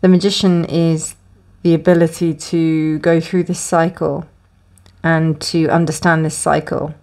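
A woman's voice: low-pitched, little pitch movement, unhurried, darkish tone. A woman giving a casual tarot reading, rambling with many restarts and fillers. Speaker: tarot reader. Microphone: close, dry room with windows closed.

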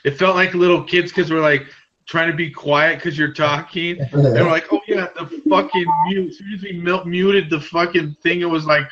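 A man chatting on a livestream, excitedly retelling a prank between laughs. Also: on the high side, moderate pace, lo-fi sound. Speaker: livestream guest. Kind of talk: casual chat.

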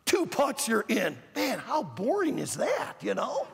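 Older male preacher, high lively voice, gravelly and husky, shouts his points, big hall reverb. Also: unhurried, few pauses. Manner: emphatic, shouting the key words. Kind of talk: sermon. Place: large auditorium at a youth conference. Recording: long reverb in a large hall.

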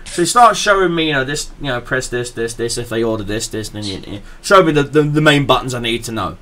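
A man's voice: medium pitch, animated, fast talker, fairly bright tone. A young man, hosting a podcast and telling a crude story in a loose, laughing way. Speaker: podcast host. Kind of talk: casual storytelling.

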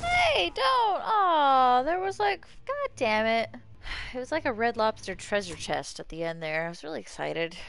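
A woman streaming live gameplay commentary, swearing freely and yelling at the game. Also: high-pitched, big pitch swings, a little slow, vocal fry, slight background noise. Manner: profane, exclaiming, talks to the game.

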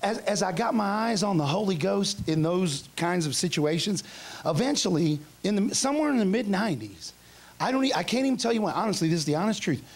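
A middle-aged male pastor preaching a revival sermon, telling stories and acting out his own past outbursts with shouts, in a church. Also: high-pitched, sing-song, a little fast. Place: church sanctuary.

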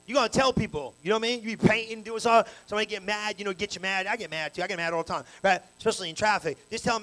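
A male pastor preaching an animated sermon in a church, talking in casual slang and urging the congregation to answer back. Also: high-pitched, very fast, few pauses, soft background music, poor audio. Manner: animated, preaching in street slang with call-and-response. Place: church sanctuary.

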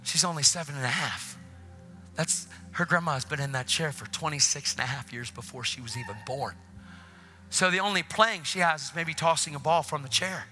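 A male preacher telling a lively story in his sermon and acting out the people in it. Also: a little high, a little fast, faint music behind. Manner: animated, acts out voices. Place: church.

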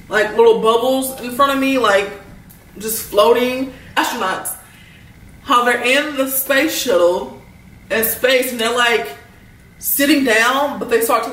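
Young woman, AAVE, animated rambling vlog storytime, roomy sound, mic a bit far. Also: on the high side. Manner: animated, rambling, lots of "like" and slang. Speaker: vlogger. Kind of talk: storytime while eating.

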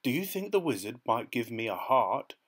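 A man voicing a gentle, polite tin man in a storybook, moaning and wistful. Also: mid-range voice, big pitch swings, normal speed, slightly rough.

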